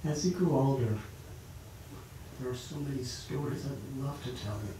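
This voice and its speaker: A man, a monk giving a storytelling sermon, who narrates in an animated way and acts out the voices of his characters. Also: medium pitch, normal speed. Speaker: monk lecturer. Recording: echoey hall, far mic, noisy.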